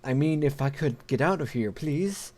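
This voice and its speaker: A man's voice: a little high, lively intonation, normal speed, darkish tone, lightly acted. A man voicing a sly male prisoner pleading piously to be released. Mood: wheedling. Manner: wheedling, mock-pious. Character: sly male prisoner feigning religious conversion.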